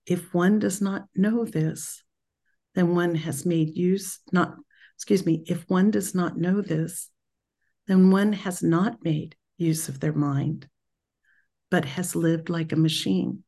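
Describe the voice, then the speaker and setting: A woman leading her spiritual group in a reflective talk, speaking slowly and meditatively, pausing often and restarting her phrases. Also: lowish voice, steady tone, vocal fry, mellow. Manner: slow and meditative, with pauses and restarts.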